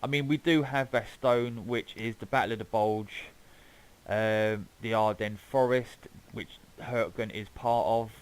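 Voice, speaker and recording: A man's voice: lowish voice, fairly even intonation, a little slow, clean tone, low-quality recording. A man giving casual, rambling gameplay commentary as he flies around a map, swearing now and then. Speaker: gaming YouTuber.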